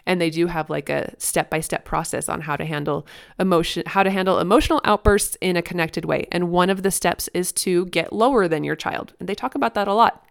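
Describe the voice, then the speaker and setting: Talking a little fast with vocal fry in her fairly low voice, a woman offers advice on her solo parenting podcast. Her manner is earnest and encouraging, relaxed and chatty, with plenty of fillers.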